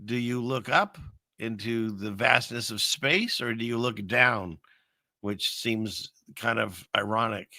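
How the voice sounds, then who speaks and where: A man hosting a casual livestream, rambling and chuckling through viewer comments with lots of filler words and trailing pauses. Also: on the low side, sharp tone, no echo, studio quality. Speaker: livestream host reading viewer chat. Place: home setup in the Seattle area.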